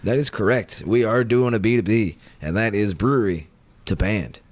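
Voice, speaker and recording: A man hosting a beer podcast, giving details in a measured, matter-of-fact way. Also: fairly low pitch, no room sound. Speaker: podcast host. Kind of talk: casual chat.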